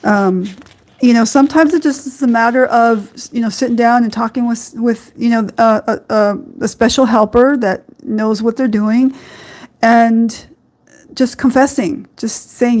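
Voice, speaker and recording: A woman's voice: fairly high pitch, steady tone, unhurried, darkish tone. A woman hosting a live-streamed faith podcast, talking earnestly and rambling a little, with frequent fillers and small laughs. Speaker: podcast host.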